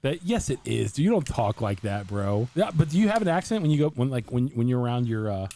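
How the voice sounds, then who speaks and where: A man's voice: medium pitch, big pitch swings, brisk, warm tone. A man hosting a podcast in a studio, chatting casually and joking around, often repeating words as he starts a sentence. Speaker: podcast host.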